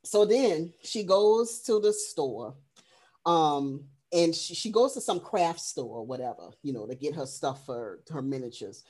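Woman podcast co-host, casual and profane, animated plot recap, fillers throughout. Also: sits low, a little slow. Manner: frequent fillers like "um" and "like". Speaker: horror movie review podcast co-host. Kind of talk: casual chat.

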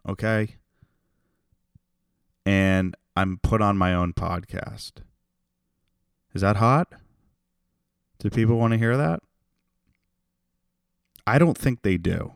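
A young man hosting a solo comedy podcast, ranting in an unhinged way that swings from creepy whispers to loud outbursts. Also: low-pitched, expressive, unhurried, vocal fry, long pauses, no room sound, studio quality. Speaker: podcast host.

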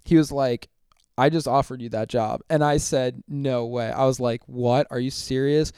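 Young man, youth minister guest, smooth clear voice, dry close sound, animated storyteller. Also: mid-range voice, moderate pace, dry recording. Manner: animated retelling, acting out quotes, many "like" fillers. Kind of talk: casual storytelling interview.

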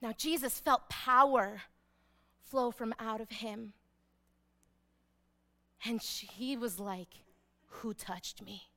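Woman pastor, high and bright, emphatic sermon delivery with hushed repetitions. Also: slow pace, pauses often. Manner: emphatic, dropping to hushed repeated phrases.

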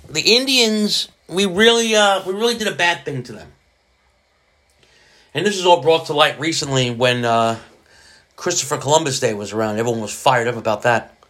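A man's voice: fairly high pitch, fairly bright tone. Rambling man hosting a solo podcast. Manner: rambling, restarts sentences often; slips into jokey put-on voices. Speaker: podcast host. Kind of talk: casual solo podcast monologue.

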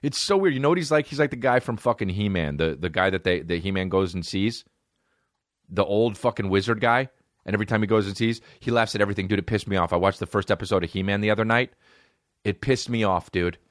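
A man's voice: on the low side, quick pace, no room sound, studio quality. A young man hosting a podcast, telling rambling, profane comic stories with lots of fillers and frequent laughs. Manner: laughs often while talking. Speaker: podcast host. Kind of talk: casual comedic monologue.

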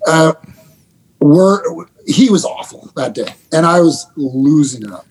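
Gravelly, husky-voiced coach telling stories. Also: male voice, a little high. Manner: animated, laughing anecdotes with quick restarts. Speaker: basketball head coach. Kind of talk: storytelling guest in a casual interview.

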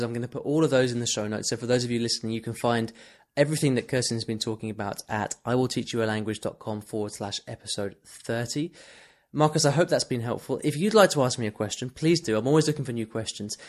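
A man's voice: medium pitch, quick pace. A man hosting a language-learning podcast, wrapping up with upbeat, friendly chat. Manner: upbeat, friendly wrap-up patter. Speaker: podcast host.

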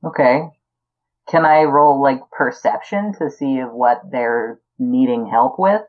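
A woman's voice: rumbling low, unhurried. A woman playing in a casual tabletop game, laid-back and easygoing. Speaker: player. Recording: dull lo-fi mic.

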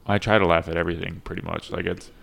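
A man's voice: sits low, flat delivery, rapid-fire, gravelly, a bit bright. A young man in casual chat, laid-back and laughing often as he tells a story.

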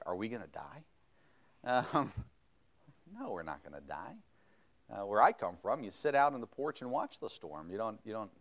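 A middle-aged man preaching casually, reading old-style scripture and then explaining it in a folksy, chatty way with frequent fillers. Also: medium pitch. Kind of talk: casual sermon with Bible reading.

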